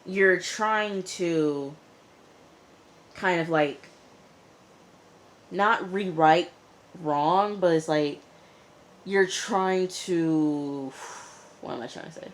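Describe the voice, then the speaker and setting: A woman's voice: lowish voice, drawn-out words, long pauses. A woman casually recapping a TV episode, chatty, with lots of fillers. She talks back to the characters as she retells the story. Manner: chatty, lots of "you know" and "like". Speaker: TV reviewer.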